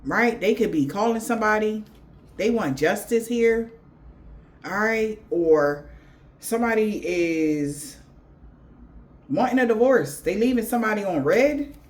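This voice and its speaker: A woman's voice: medium pitch, expressive, a little slow, pauses often. A woman giving a spiritual reading in blunt, profane slang. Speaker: tarot reader.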